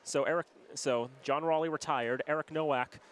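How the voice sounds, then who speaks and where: A man's voice: fairly high pitch, fairly even intonation, normal speed. Young male hockey play-by-play commentator. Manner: stat-heavy, conversational, shouts on goals. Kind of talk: sports broadcast commentary.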